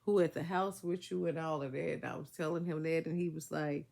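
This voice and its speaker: Woman vlogger, fry in the voice, casual and emphatic, a bit under the weather. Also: low voice, fairly even intonation, fairly quick, a little mellow. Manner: chatty, emphatic, Southern US vernacular speech. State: congested, recovering from illness. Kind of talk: casual storytelling to viewers.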